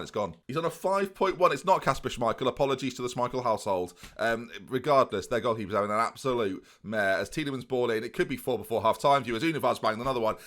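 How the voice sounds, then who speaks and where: A man's voice: medium pitch, a bit bright. A young man giving playful mock-commentary over a video game, often addressing his viewers. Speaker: gaming YouTuber.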